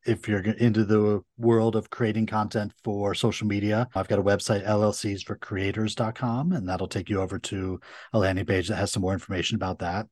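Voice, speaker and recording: Male attorney guest, quick-talking and low-voiced, dry close recording. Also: little pitch movement, a little mellow, no echo. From Connecticut, USA. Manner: brisk, chatty storyteller. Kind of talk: casual interview chat.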